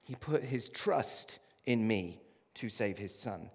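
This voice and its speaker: A man preaching a sermon as a pastor, with impassioned delivery that rises to loud pleading and drops low. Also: expressive, slow pace, hardly any pauses, slightly rough. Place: church. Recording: long hall reverb.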